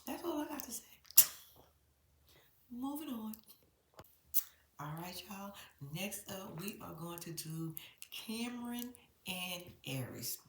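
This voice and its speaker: A woman giving a blunt, profane, animated recap of a reality show, talking straight to her viewers in a casual vlog. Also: mid-range voice, takes it slowly, long pauses, echoey room, a little hiss or hum. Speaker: reality TV commentator.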